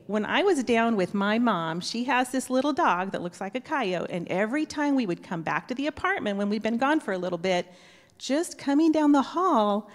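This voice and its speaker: Animated woman telling a children's story in a reverberant church. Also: on the high side. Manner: animated, asks children questions, imitates dog whines. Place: church sanctuary. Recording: long church hall reverb.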